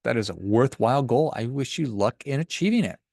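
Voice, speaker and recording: A man's voice: mid-range voice, expressive, a little fast, gravelly, no echo, clean studio sound. A man voicing a curious, apologetic woman traveler in a spoken story. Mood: polite. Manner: gentle apologetic.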